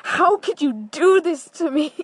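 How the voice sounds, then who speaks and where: A man's voice: extremely high pitch, animated, takes it slowly, dry recording, pitched above the performer's own voice, heavily acted. A young man voicing a hurt caller who whines and pleads. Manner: whining, pleading.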